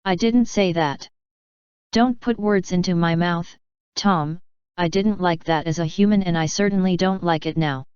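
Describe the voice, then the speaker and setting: A woman voicing a female pony who is a wife close to tears, defensive and hurt, in a very smooth, dry, lo-fi reading. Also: fairly low pitch, normal speed, darkish tone, no echo, lightly acted. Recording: dull lo-fi.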